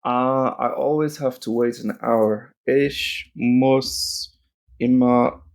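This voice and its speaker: Irish man, slow unhurried delivery, gravelly fry, rambling self-talk over app lessons. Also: medium pitch, steady tone. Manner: rambling, self-mocking, talking to himself. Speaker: German-learning video creator. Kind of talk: thinking aloud while doing app lessons.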